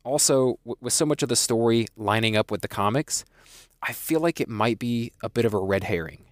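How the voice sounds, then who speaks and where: A man's voice: medium pitch, animated, a little fast, dry recording. Chatty man recapping, dry close sound. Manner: chatty, with frequent restarts and asides. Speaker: podcast host reviewing a TV episode. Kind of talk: casual episode recap.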